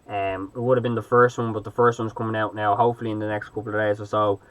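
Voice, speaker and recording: A man's voice: fairly low pitch, little pitch movement, fast, lo-fi sound. An Irish man chatting loosely and hesitantly as a vlogger, rambling through his thoughts. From Ireland. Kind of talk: casual vlog commentary.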